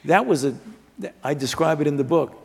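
An older man speaks with an earnest, measured manner and a gravelly edge, often circling back to restart a thought. He is a physician being interviewed on stage before an audience. His voice rings out with a long reverb in a large hall. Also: a little high, darkish tone. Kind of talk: reflective storytelling in an interview.

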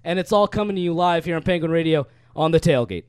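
A young man hosting a live sports radio show, briskly recapping the game with scores and stats. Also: on the high side, a little mellow, clear, resonant tone, no echo. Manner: brisk, stat-heavy play-by-play recap. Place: radio studio.

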